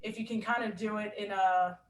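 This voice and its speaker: A woman athlete and coach telling a story in a lively, animated way in a casual interview. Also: mid-range voice, a little fast, a little hiss or hum. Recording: roomy echo.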